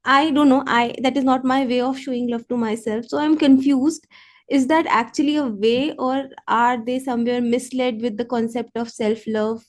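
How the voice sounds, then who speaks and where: A woman hosts a conversational podcast in a high voice. She reflects back what she hears and asks careful follow-up questions. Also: fairly even intonation, moderate pace. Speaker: podcast host. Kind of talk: interview conversation.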